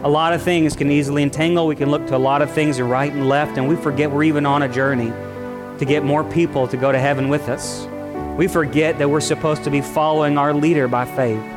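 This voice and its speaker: A man's voice: on the high side, fairly even intonation, brisk, over music. A man preaching a sermon at a church service, passionate and full of rhetorical questions. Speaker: pastor.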